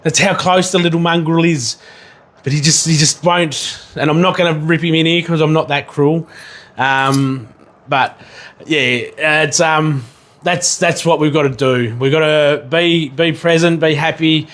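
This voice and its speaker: A man hosting a casual livestream while he cooks. He rambles, swears casually and bursts into excited yelling now and then. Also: on the high side, a little slow. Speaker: livestream host and chef.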